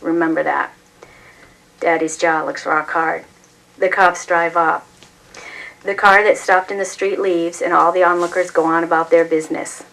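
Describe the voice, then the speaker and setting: A woman reading a novel aloud at a public reading night, steady and expressive. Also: fairly low pitch, normal speed, low-quality recording. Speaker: reader.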